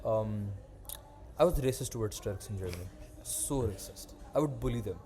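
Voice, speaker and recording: A man's voice: lowish voice, normal speed. Rambling young male podcast host. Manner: animated rambling storyteller, swears freely. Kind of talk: casual chat.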